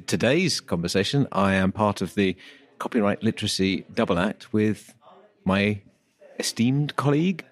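A man guest on a conference podcast with a lowish voice that moves lively in pitch. He speaks in a measured, slightly formal way. He sounds like a professional introducing his work. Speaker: guest, copyright specialist. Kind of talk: casual podcast interview.

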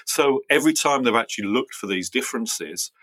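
A man's voice: mid-range voice, animated, fairly quick, bright, forceful tone, rough recording. A man with an English accent, co-hosting a casual chat, talking loosely with fillers and restarts, declamatory when he reads aloud. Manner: declamatory when reading, chatty with fillers in talk. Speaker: podcast co-host. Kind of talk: casual chat and comic dramatic reading.

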